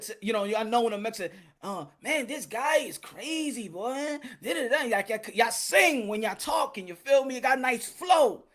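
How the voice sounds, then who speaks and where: High, lively, laughing boxing show host. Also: male voice. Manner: animated, laughing, profane, greets viewers. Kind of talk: casual livestream commentary.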